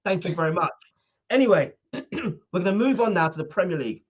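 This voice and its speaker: A woman co-hosting a casual football discussion livestream. She tells her points with emphatic, animated delivery and talks over interruptions. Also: fairly low pitch, a little fast, slightly rough. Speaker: co-host of a football discussion show. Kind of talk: casual sports chat on a livestream. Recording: dull lo-fi sound over a weak internet link.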